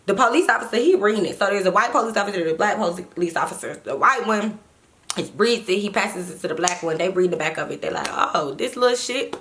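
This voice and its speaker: A woman vlogger telling a story straight to her viewers in a casual, animated way, with plenty of swearing. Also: medium pitch, fast.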